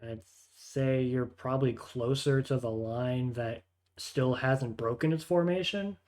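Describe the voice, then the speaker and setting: A man's voice: mid-range voice, unhurried, a little mellow. A man running a tabletop game as game master, narrating the scene in a rambling, amused way. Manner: rambling, amused, counts aloud while placing tokens.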